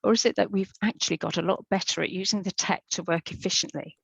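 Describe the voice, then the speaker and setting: Gravelly low-voiced woman presenting online. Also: fairly even intonation, fast, dry recording, highs cut off. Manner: informal, chatty, with fillers and restarts. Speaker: webinar presenter.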